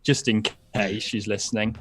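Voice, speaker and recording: A man's voice: lowish voice, level tone, moderate pace, husky. A man taking part as a tabletop game player, hesitant and counting out his moves aloud.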